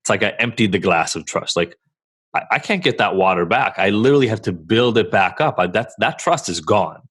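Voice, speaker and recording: A man co-hosting a podcast, speaking frankly and reflectively in a measured way with listeners. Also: on the low side, expressive, fairly bright tone, slightly rough. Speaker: podcast co-host. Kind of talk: candid conversation with listeners.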